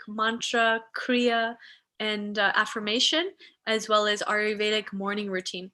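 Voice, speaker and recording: Woman ceremony host on a live stream, slow devotional delivery, bright and pitched a little high. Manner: soft, slow and devotional when blessing. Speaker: spiritual teacher and ceremony host.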